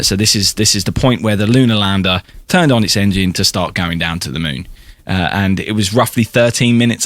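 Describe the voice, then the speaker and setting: A man's voice: fairly low pitch, fairly bright tone, dry recording. A man co-hosting a podcast, chatting enthusiastically with frequent laughter. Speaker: podcast co-host. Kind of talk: casual chat.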